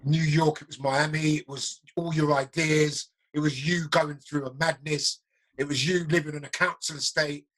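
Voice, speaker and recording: A man with a husky voice and a sharp, bright tone, chatting casually as interviewer. He talks emphatically, stumbling over his words and repeating phrases for stress. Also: a little high, little pitch movement, normal speed, rough recording. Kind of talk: casual conversation.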